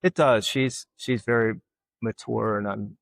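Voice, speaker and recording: A low, gravelly man in his fifties, chatting as an interview guest. He rambles through self-mocking stories and acts out the voices of the people in them. The sound is dry and close. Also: steady tone, unhurried, no echo, poor audio. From Alabama. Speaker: guest artist. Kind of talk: casual interview chat.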